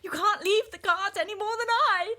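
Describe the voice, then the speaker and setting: A woman's voice: extremely high pitch, normal speed, bright, forceful tone. A woman performing a passionate, jealous and desperate woman lover in an intense dramatic reading of a verse epic. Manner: intense, swings from tender to bitter.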